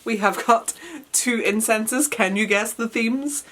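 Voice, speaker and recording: A British woman vlogging an unboxing in an excitable, gushing manner, her voice worn from a recent cold. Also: fairly high pitch, slow. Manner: excitable and gushing, frequent oohs and squeals. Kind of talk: unboxing vlog chat.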